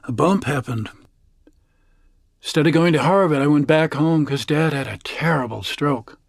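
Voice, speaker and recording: A man's voice: fairly high pitch, moderate pace, vocal fry, no room sound, studio quality. A man voicing an earnest, matter-of-fact young woman in her late twenties, an engineering student, in a told story.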